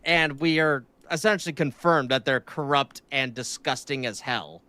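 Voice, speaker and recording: A man giving his opinions in casual talk, stumbling over and repeating his words and often clearing his throat. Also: medium pitch, normal speed, sharp tone, no room sound.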